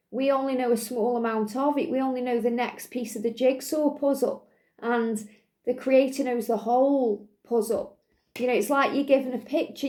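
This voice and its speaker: A woman doing a spiritual card reading for viewers, speaking in a soothing, reassuring way with lots of gentle repetition. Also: high voice. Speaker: psychic tarot reader.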